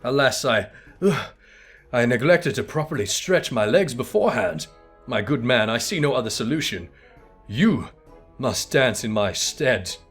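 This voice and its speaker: A man voicing a pompous, theatrical gentleman inspector in a game, speaking in grandiose, old-fashioned phrases. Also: medium pitch, lively intonation, unhurried, husky, faint music behind.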